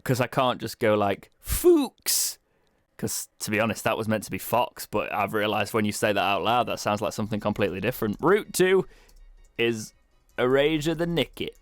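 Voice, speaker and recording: A young British man with a fairly low voice talks through his gameplay in a chatty, wry way, poking fun at himself as he goes. The sound is dry and close to the mic, with faint game music underneath. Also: fairly even intonation, fast talker, few pauses, a bit bright, dry recording. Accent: British English. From Britain. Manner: chatty, wry, self-mocking asides. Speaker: let's play streamer. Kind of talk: casual gameplay commentary.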